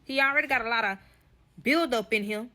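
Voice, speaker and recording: A woman's voice: fairly high pitch, brisk, pushed and bright. A woman telling a personal story in casual, profane fashion, talking straight to her audience. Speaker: storyteller guest.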